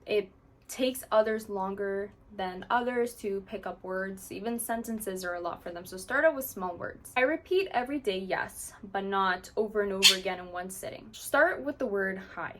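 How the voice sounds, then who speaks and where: Against a noisy background, a woman with a medium-pitched voice and a moderate pace talks casually to her camera. She hosts a channel and keeps parrots, and she explains how she does things in a chatty way, leaning heavily on "like."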